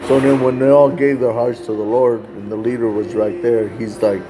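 A man's voice: medium pitch, level tone, normal speed. A man telling a personal faith testimony in a casual way, often tagging sentences with "man". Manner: casual, ends phrases with "man". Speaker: Christian storyteller.

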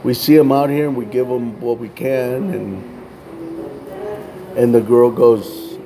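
A man telling a religious testimony as a story, halting and often repeating words as he goes. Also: medium pitch, steady tone, rough recording. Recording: music playing behind voice.

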